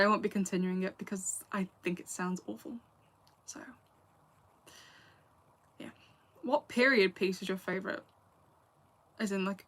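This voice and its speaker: Her voice runs a little high, with a fairly bright tone. She's a YouTuber in her late twenties from England, with a Lancashire accent and a faint Scouse edge. Going through live chat questions, she's casual and chatty, laughing a lot and dropping into asides.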